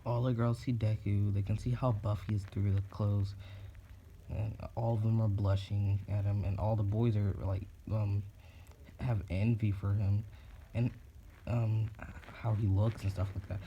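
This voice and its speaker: A man's voice: on the low side, flat delivery, measured pace, mellow, muffled recording, slight background noise. A thirteen-year-old boy retelling a fan story casually, rambling with lots of ums and restarts.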